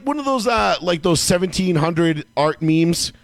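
A man co-hosting a casual sports talk show, telling a long story in a loose, profane way and breaking into yelling when he acts out his own outbursts. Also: sits high, lively intonation, measured pace, vocal fry, dry recording. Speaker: podcast co-host.

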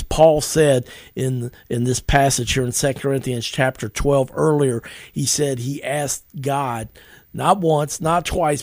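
A middle-aged man, a pastor hosting a devotional podcast, talks in an earnest, conversational way and slows down to recite scripture. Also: mid-range voice, a little mellow, no echo, clean studio sound.

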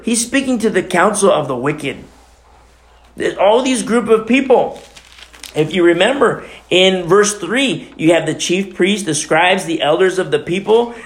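A man preaching an expository sermon in a blunt, impassioned way, dropping to a hush and then rising to loud outbursts. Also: on the high side. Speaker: pastor.

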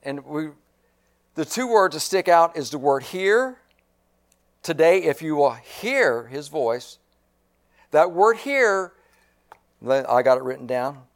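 A male pastor preaching a sermon, slow and emphatic, repeating key phrases and clearing his throat now and then. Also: a little high, very animated.

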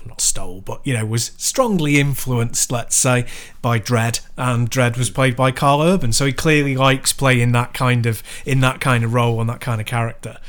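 A man's voice: mid-range voice, a bit bright. A man reviewing a TV show in casual chat, self-correcting as he goes.

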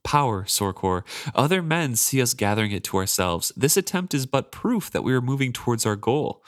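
A man's voice: medium pitch, very animated, moderate pace, no room sound, close to an everyday voice. A triumphant pirate captain gloats over a victory, voiced by a man reading from a novel. He sounds scheming and pleased with himself. The sound is close and dry with no room. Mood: gloating. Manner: gloating over his win.

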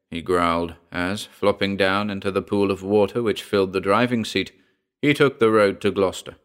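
A man narrating a short story as an audiobook, reading in a measured, even way. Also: low-pitched, clean tone.

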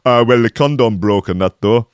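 A man's voice: mid-range voice, moderate pace, clean tone, no room sound, close to an everyday voice. A man voicing a crude, clumsy young man who rambles in slang. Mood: mocking.

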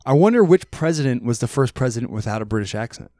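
Rambling, animated podcast host. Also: male voice, mid-range voice, fast, no echo, clean studio sound. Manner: rambling, profane, animated storytelling. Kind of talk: casual chat. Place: studio.

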